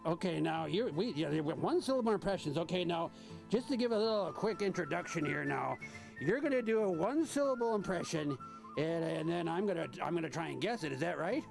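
Halting, gravelly radio host. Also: male voice, a little high, lively intonation, music in the background. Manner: rambling, halting, chuckling. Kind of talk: casual radio chat.

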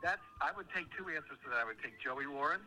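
A man's voice: on the high side, expressive, fast, pushed and bright, poor audio. A man calling into a radio show, playfully quizzing the host in an upbeat way. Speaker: caller doing impressions. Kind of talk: call-in chat over the phone.

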